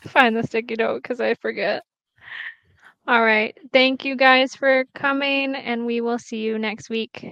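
A woman's voice: on the high side, fairly even intonation, unhurried, creaky, bright, forceful tone, clean tone, no room sound, muffled recording. A woman co-hosting a podcast, playful and teasing as she wraps up the show. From New York. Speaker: podcast co-host. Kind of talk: casual chat.

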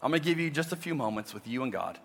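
A man's voice: mid-range voice, lively intonation, rapid-fire, vocal fry, husky. A man preaching a sermon as a pastor, talking conversationally with frequent restarts. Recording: long reverb with faint music.

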